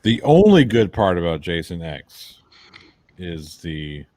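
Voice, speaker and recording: A man in a casual podcast chat whose pitch swings widely as he talks. He jokes around and swears freely. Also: big pitch swings, takes it slowly, warm tone. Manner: joking, swearing. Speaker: podcast guest.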